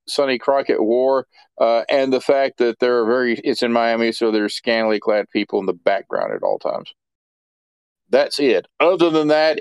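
A man chatting casually at a game table, ranting in an animated way. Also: medium pitch, smooth, no echo. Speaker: player. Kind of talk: casual chat.

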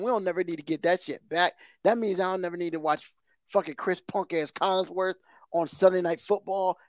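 A high-voiced man rants on a podcast, heated and profane, circling back to the same gripe again and again. The sound is close and dry, with no room around it. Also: no echo. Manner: heated, swears constantly, emphatic repetition. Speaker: podcast co-host. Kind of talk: casual profane rant.

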